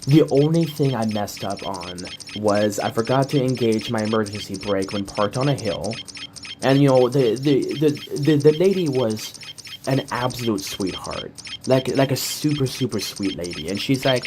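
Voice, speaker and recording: A man's voice: medium pitch, moderate pace. A man from the US telling a casual story in a rambling way, with many filler words and restarts. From United States. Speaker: game streamer. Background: music.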